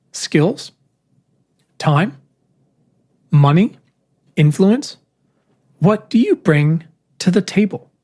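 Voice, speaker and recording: Host reading out their own essay, earnest and punchy, drops in wry little jokes, middle pitch. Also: a little mellow, breathy edge. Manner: earnest and emphatic, with casual wry asides. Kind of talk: essay read aloud.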